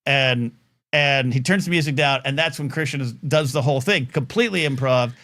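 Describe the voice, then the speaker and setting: A man's voice: mid-range voice, a little fast. A middle-aged man hosting a live talk show, telling a long rambling story with lots of fillers and restarts, and acting out the people in it. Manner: rambling, animated, full of fillers and restarts, acts out quoted voices. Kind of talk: casual storytelling monologue.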